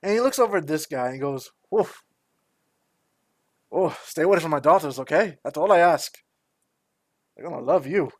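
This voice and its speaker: A man's voice: a little high, lively intonation, moderate pace, pauses often, dry recording, studio quality. A man voicing a cheery, boisterous male dwarf repairman in a tabletop game. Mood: jovial. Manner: boisterous, jovial, calls people laddie.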